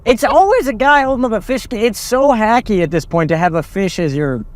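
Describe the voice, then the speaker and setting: A man's voice: high-pitched, expressive, a little fast. A young man co-hosting a comedy podcast, chatting casually, teasing and laughing often. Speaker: podcast co-host.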